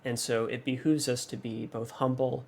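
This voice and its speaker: A man's voice: medium pitch, level tone, normal speed, a little hiss or hum. A man hosting a music reaction channel, analyzing a song in a thoughtful, hesitant way with many fillers and restarts.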